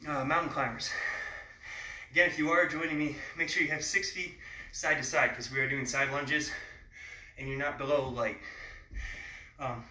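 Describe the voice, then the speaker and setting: A man's voice: mid-range voice, fairly even intonation, normal speed, pushed and bright. A man coaching a live online workout while exercising himself, out of breath, calling cues and countdowns at home. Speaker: fitness trainer. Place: indoor room at home. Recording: echoey room, distant mic, faint hiss.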